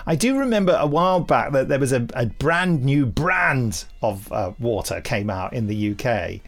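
A man co-hosting a podcast in a relaxed, rambling chat. His voice sits at an ordinary middle pitch, and he laughs easily as he wanders off on tangents. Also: normal speed. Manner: chatty, rambling, laughs often. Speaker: podcast co-host. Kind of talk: casual chat.

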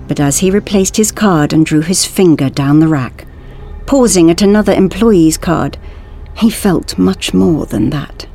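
A woman narrating an audiobook story in an expressive way. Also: lowish voice, measured pace. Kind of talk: scripted narration.

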